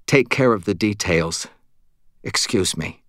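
A man's voice: lowish voice, takes it slowly, a bit bright, no echo, studio quality. A man voicing a nervous, helpful young man who speaks hesitantly with fillers, in an audiobook. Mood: awkward.

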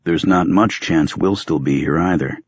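Snappish tired army medic, low husky voice, as a man reads him, dry muffled tone. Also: moderate pace, no echo. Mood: curt.

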